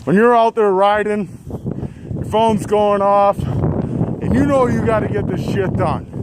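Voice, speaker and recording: A man's voice: high-pitched, fairly even intonation, unhurried. A man out of breath, venting and swearing with frequent sighs as he cycles outdoors along a road. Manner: frustrated, swearing, sighing between phrases. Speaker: vlogger. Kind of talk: venting monologue while cycling. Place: outdoors on a road, riding a bike. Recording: wind and traffic noise. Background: traffic and wind noise.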